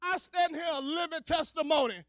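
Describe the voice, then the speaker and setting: A male evangelist preaching a church sermon, dropping to low murmurs and then rising into fervent shouting, captured on a dull, lo-fi recording. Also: fairly quick, no room sound. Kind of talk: fiery preaching. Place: church service.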